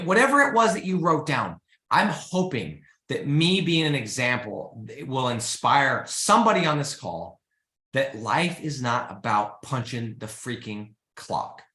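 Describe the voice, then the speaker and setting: Man, host, bright forceful voice, energetic and pleading, echoey room. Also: mid-range voice, moderate pace. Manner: energetic, pleading, says "guys" and "freaking" often. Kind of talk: motivational live-stream talk.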